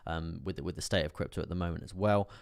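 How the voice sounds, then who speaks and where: A man's voice: low-pitched, steady tone, fast talker, smooth, dry recording, studio quality. A man hosting a live trading stream, chatting casually with many fillers as he reads out chart analysis. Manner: chatty, filler-heavy, laughs often while reading chat.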